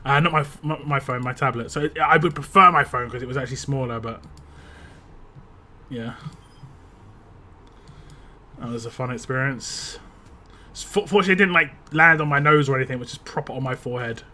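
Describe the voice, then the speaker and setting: A young man with a voice a bit rough after a drink, chatting casually and rambling while live-streaming a game and reading chat. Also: mid-range voice, steady tone, a little fast, pauses often, sharp tone. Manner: rambling, chatty, laughs often, reads chat aloud.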